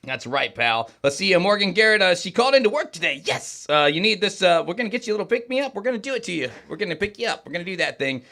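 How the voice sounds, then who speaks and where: A man's voice: high voice, big pitch swings, fast, few pauses, pushed and bright. A man hosting a casual studio livestream, chatting and rambling with lots of fillers and restarts. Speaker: podcast host. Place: recording studio.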